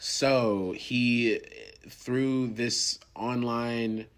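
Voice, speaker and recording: A man hosting a podcast, chatting casually about a film, halting and restarting, laughing often. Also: medium pitch, steady tone, a bit bright. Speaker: podcast host. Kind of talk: casual film review chat.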